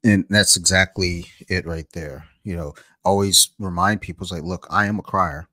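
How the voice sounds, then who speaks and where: A man with a very deep voice hosts a casual podcast chat, candid and reflective. The recording is dry and close. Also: steady tone, normal speed, sharp tone, no room sound. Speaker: podcast host.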